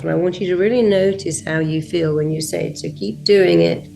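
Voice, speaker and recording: A woman's voice: low voice, fairly even intonation, a little fast, vocal fry, hardly any pauses, warm tone, soft background music. A woman hypnotherapist giving a motivational talk and guided self-hypnosis, with a direct, repetitive coaching delivery.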